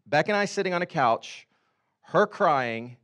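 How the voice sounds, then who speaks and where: A man in his thirties preaching a sermon in a conversational way, telling stories with many fillers and sudden animated bursts. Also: a little high, a little slow. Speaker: pastor.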